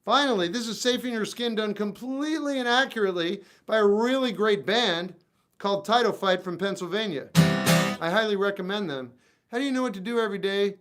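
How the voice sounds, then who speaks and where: A man's voice: sits high, brisk, fairly bright tone. A man livestreaming as a musician, talking back to viewer comments with wry, exasperated asides. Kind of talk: casual livestream chat reading viewer comments. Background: acoustic guitar playing.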